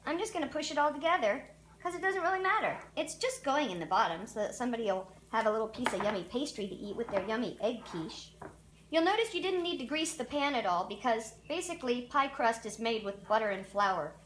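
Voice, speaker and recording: Brief: playful woman host of a home cooking demo, high voice, mic far off in a roomy kitchen. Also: expressive, a little fast. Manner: chatty, playful, self-deprecating. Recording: roomy, distant, noisy kitchen recording.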